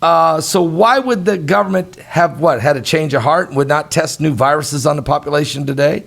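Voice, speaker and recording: A man's voice: fairly high pitch, normal speed, creaky, a bit bright. A man hosting a talk show, chatting in an earnest, folksy, rambling way. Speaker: host. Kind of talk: casual talk-show chat.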